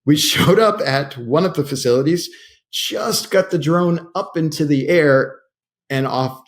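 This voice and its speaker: A man co-hosting a podcast in relaxed casual chat, recounting a job and handing questions to his partner. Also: on the high side, measured pace. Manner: relaxed, steers the conversation with questions. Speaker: podcast co-host.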